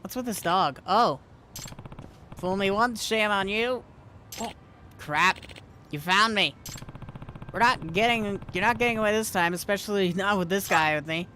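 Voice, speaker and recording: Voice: mid-range voice, measured pace, long pauses, sharp tone, slight background noise. A streamer casually reading video game dialogue aloud, with wry asides.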